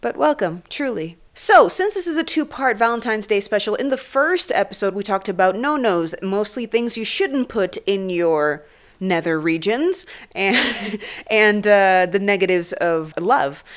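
A young adult woman hosting a podcast, rambling and swearing in a fast, casual comedic monologue. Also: medium pitch, expressive. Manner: profane, rambling, fast-talking. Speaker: podcast host.

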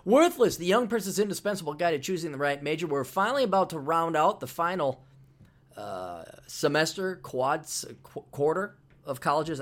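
A middle-aged man talks casually and bluntly on his podcast. His tone is brash and sarcastic, and he swears freely as he promotes his books. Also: on the high side. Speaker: podcast host.

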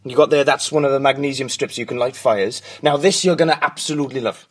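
A man's voice: medium pitch, quick pace, natural voice. An actor playing an eccentric, pushy male cobbler with salesman patter. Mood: proud. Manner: salesman patter, pointing things out. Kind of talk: comedy sketch acting.

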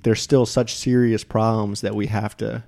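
A man's voice: on the low side, little pitch movement, normal speed, creaky, warm tone. A young man from New Jersey hosting a podcast in casual chat, rambling and restarting words as he goes. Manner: rambling, self-interrupting with repeated words. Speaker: podcast host.

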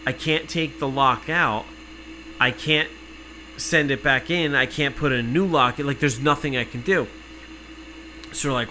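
A man telling an exasperated, profane story in casual podcast chat, cursing freely and working himself up to shouting. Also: medium pitch, measured pace, long pauses, a little hiss or hum, low-quality recording.

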